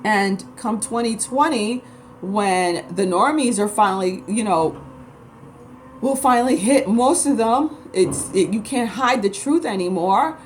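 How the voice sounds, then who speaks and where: In a mid-range voice with lively intonation, a New York City spiritual vlogger and Reiki practitioner rambles to camera a little slowly. Her style is blunt and emphatic, and slight background noise is audible.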